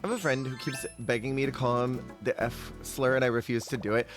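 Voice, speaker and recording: A man chats casually with his stream audience while he plays, swinging between stories and quick laughs. His voice sits in a middle register, and soft music runs faintly underneath. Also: mid-range voice, little pitch movement. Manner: chatty, storytelling, quick laughs. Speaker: Twitch streamer. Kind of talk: casual gameplay chat with viewers.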